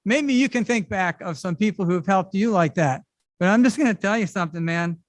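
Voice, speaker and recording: A middle-aged man preaching a sermon in a conversational, animated way with casual asides. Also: high voice, brisk, dry recording. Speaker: pastor. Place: church service.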